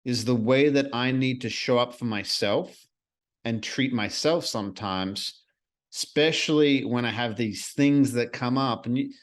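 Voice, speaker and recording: A man's voice: medium pitch, measured pace. A man hosting a solo podcast, talking earnestly and reflectively in a casual way, with the odd swear word. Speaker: podcast host.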